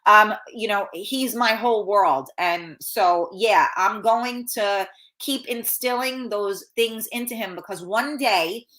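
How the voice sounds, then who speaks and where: A woman's voice: medium pitch, takes it slowly, fairly bright tone. A middle-aged woman hosting a casual live stream, chatting bluntly and swearing freely while reading out viewer comments, with a runny nose. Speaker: talk show host reading viewer comments.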